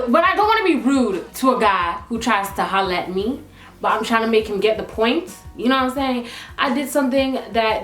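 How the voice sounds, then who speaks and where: A young woman from Toronto, a vlogger, telling a story casually to the camera in an animated, emphatic way with frequent asides. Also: fairly high pitch. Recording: echoey room, faint music.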